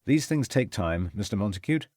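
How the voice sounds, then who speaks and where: A male audiobook narrator voicing a calm male police inspector who speaks in a measured, polite and brief way. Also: fairly low pitch, dry recording, studio quality.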